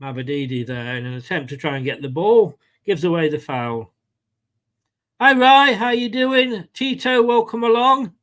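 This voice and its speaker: Animated and fairly bright, this man's high voice keeps a moderate pace as he hosts a live football watchalong. With his English accent, he calls the play casually and chats with viewers.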